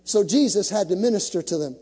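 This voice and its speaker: A man's voice: high voice, lively intonation, quick pace, dark tone, husky, long reverb tail. A male pastor preaching a sermon to a congregation, with dramatic build-ups, acting out the scripture stories he tells.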